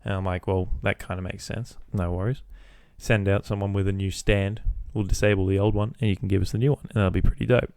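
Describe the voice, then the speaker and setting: A man's voice: low voice, fairly even intonation, a little fast, vocal fry, few pauses, a little mellow, no echo, studio quality. A man hosting a podcast, telling a casual story about his workday with swearing, acting out both sides of phone calls. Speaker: podcast host.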